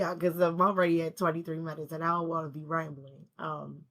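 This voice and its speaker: Grieving mom vlogging, low gravelly voice, slangy rambling talk. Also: female voice, level tone, fast, few pauses, a bit bright. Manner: casual slangy storytelling. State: grieving, emotional. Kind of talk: rambling personal video talk.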